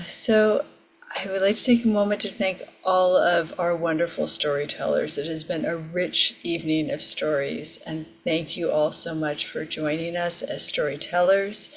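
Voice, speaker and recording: A woman hosting an online storytelling event over a video call, gentle and appreciative. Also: on the low side, steady tone, a little slow, a little hiss or hum. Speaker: event host.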